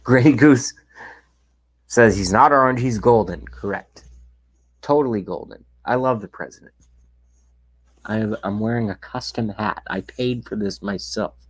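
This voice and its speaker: A man with a low, husky voice hosts a loose live-streamed rant into a webcam mic. He chats with viewers between bursts of sarcasm and swearing, and sometimes drops to a whisper. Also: normal speed, rough recording. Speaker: livestream host. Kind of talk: casual ranting live chat.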